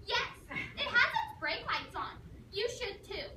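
A woman voicing a fussy, nagging middle-aged mother who lectures in a high, drilling voice. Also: sing-song, slow, heavily acted. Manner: high-pitched, drilling, overcautious. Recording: echoey room, mic far off, noisy.

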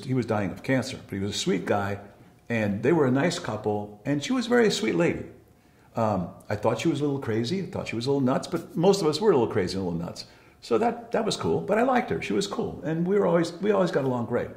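A man's voice: medium pitch, a little mellow. An older man telling a story from his past in a blunt, profane way, often restarting his sentences. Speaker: interviewee recalling past. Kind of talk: candid storytelling. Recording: roomy echo.

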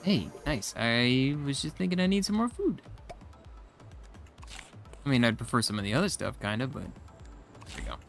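A man giving casual let's-play commentary, chatty and quick to react aloud and laugh at the game. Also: mid-range voice, very animated, gravelly, faint music behind. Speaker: gamer.

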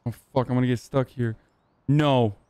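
A man's voice: medium pitch, fairly even intonation, moderate pace, dark tone, clean tone, dry recording. A young man streaming a game, talking casually, getting frustrated, swearing and repeating himself. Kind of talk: casual gaming stream commentary.

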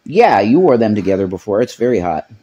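A laid-back man chats casually beside the host, his voice somewhat low and husky. He drops casual swears and easy agreement into the talk. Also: very animated, a little fast, warm tone, muffled recording. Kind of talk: casual chat.

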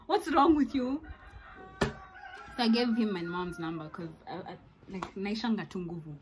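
A young woman with a Kenyan accent telling a story to camera as a vlogger, animated and dramatic, mixing in Swahili slang. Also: medium pitch, a little slow, slightly rough, poor audio. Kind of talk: storytime monologue.

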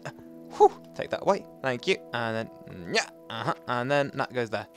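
Lively, rambling man commentating a game. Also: medium pitch, normal speed, faint music behind. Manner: chatty, rambling, talks to himself and the viewers; jumps between loud bursts and soft muttering. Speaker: let's play host.

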